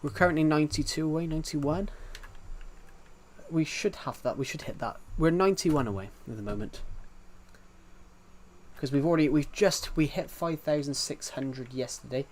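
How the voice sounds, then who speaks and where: A man's voice: a little high, moderate pace, a little mellow. A man with a Southwest English accent streaming a game live, rambling and chatting casually to his viewers, often restarting his sentences. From England. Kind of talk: casual live-stream chat while gaming.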